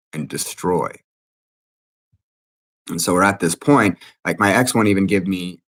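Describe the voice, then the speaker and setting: A man in his thirties giving an agitated, profane personal account, halting often and restarting his sentences. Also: low voice, a bit bright. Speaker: interviewee.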